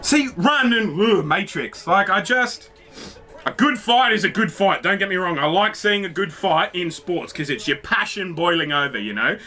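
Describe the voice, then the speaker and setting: A man, reacting excitedly to clips, swearing freely and calling out at the screen. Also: high-pitched, normal speed. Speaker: reaction video host. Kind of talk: casual reaction commentary.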